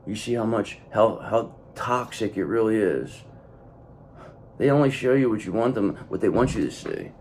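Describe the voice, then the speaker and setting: A man's voice: lowish voice, lively intonation, normal speed, darkish tone, slight background noise. A man giving a blunt, profane tarot reading to his viewers, hammering points home by repeating the same phrase. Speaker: tarot reader.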